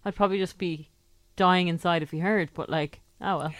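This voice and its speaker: A woman's voice: fairly low pitch, steady tone, a little fast, no room sound. A woman co-hosting a casual radio chat, chatty and full of questions. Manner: chatty, asks probing questions, laughs easily. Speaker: radio co-host.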